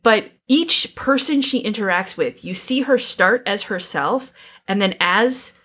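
Woman podcast co-host, lively casual film chat, mid-pitched voice. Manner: animated, quick restarts, quotes characters. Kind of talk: casual movie discussion.

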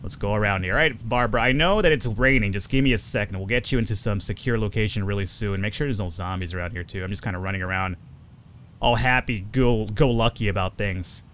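A young man chatting casually through a survival game, swearing often and jumping up in pitch when excited. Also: fast talker, a little hiss or hum. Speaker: gaming video host. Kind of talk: casual let's play commentary.

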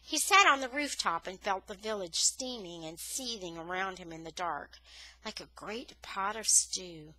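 A woman's voice: mid-range voice, a little slow, rough recording. A woman reading a novel aloud as a storyteller, lifting her voice on the dramatic moments. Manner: expressive storytelling, rising on dramatic words. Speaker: audiobook reader.

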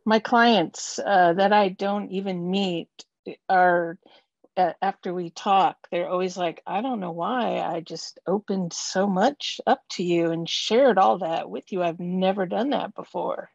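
A woman's voice: on the low side, measured pace, gravelly, dry recording. A woman in her fifties, a client speaking candidly and confidingly over a video call. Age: 50s. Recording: dull, dry video-call audio.

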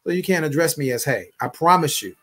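A man's voice: a little high, lively intonation, quick pace, a bit bright. Emphatic middle-aged male preacher. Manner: emphatic, conversational preaching with repeated phrases. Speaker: bishop and online pastor. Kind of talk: live prayer broadcast talk.

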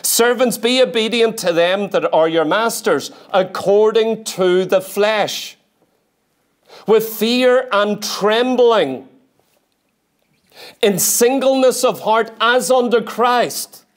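A man preaching a sermon in a church, emphatic, repeating key phrases and slowing down to read scripture. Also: high voice.

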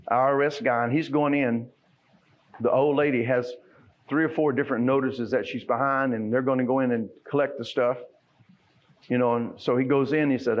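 A preacher delivers a sermon in a church, talking in a plain, folksy way and then pressing hard on key lines. His voice sits at a middling pitch for a man. The sound is dull and lo-fi. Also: fairly even intonation, normal speed. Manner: folksy and conversational, building to fervent emphasis. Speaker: pastor. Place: church sanctuary.

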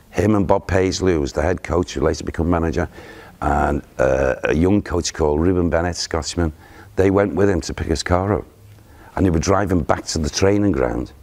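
An older man with a very deep voice tells a story in an interview, and his gravelly tone gets livelier as he acts out the people he quotes. His voice is husky rather than clear. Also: a little mellow. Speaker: interviewee, spiritual medium. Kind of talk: anecdotal storytelling. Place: theatre.

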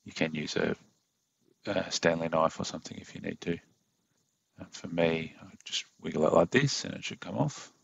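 A man with an Australian accent giving a casual step-by-step car install tutorial as a voiceover, in a self-described monotone with plenty of fillers. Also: deep voice, creaky, slightly rough, lo-fi sound. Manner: monotone, plain and unhurried, with fillers. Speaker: DIY car install host. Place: home studio voiceover.

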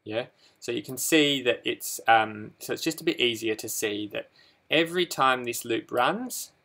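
Guy explaining code, kinda gravelly, stops and restarts a lot, ums everywhere. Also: medium pitch, pushed and bright. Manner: hesitant, many ums and restarts. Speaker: coding tutor. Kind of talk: screen-recorded code walkthrough.

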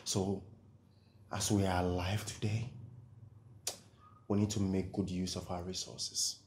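An actor with a Ghanaian accent playing a cheeky young male household worker who laughs nervously as he makes his pitch. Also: flat delivery, unhurried, darkish tone, slight background noise. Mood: persuasive. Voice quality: nervous laughs, pleading then persuasive.

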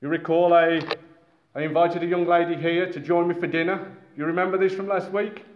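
A man preaching a sermon to a gathered congregation, animated and exclaiming, calling his listeners friends. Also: fairly high pitch, fairly quick. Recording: echoey, muffled room recording with faint noise.

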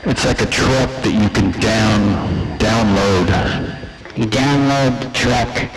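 A man's voice: medium pitch, slow pace, echoey room, over music, rough recording. A man livestreaming in a rambling, profane, jokey casual talk.

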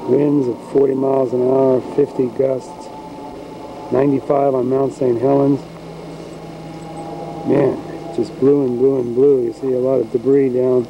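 A man's voice: medium pitch, highs cut off, noisy background. A man narrating casually as he films his farm outdoors on a handheld camcorder, folksy and rambling. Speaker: home video maker. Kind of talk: casual narration while filming. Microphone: handheld camcorder mic.

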